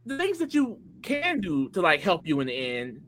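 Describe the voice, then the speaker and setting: Excitable chatty recap co-host. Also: medium pitch, moderate pace, poor audio. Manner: excitable, animated, fills talk with "like". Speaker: reality show recap co-host. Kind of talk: casual chat.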